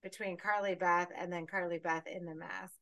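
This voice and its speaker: A woman co-hosting a podcast in casual chat, telling stories in an animated way, laughing and swearing freely. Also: on the low side, moderate pace, creaky. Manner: animated, laughing, profane storytelling. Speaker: podcast co-host.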